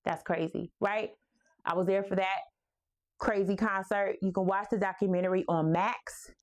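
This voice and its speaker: A woman in her forties with a New York accent hosts a playful, casual talk, telling stories about music and laughing often. She speaks at a normal speed with medium pitch and fairly even intonation.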